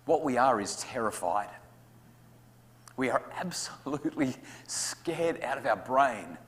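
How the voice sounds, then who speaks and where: A man's voice: mid-range voice, animated, measured pace, fairly bright tone. An Australian man speaking to parents in a conversational, humorous way as a guest speaker at a school talk. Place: school hall. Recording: long hall reverb.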